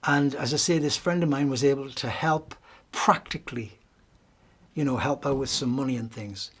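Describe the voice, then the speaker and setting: A middle-aged man with a Geordie accent giving a gentle, reflective devotional talk, often restarting his sentences. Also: mid-range voice, normal speed, breathy edge. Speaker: speaker giving a weekly message.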